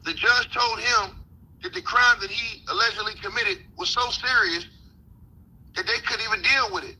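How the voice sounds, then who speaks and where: A man's voice: high voice, normal speed, pushed and bright, slightly rough, low-quality recording. A man on a live stream reading news reports aloud and riffing on them in slang. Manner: reads reports aloud then riffs in slang.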